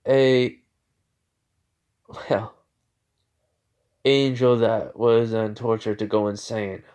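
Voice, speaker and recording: A man's voice: on the low side, a little mellow. A man voicing a male spirit of vengeance who talks in a wry, rambling way.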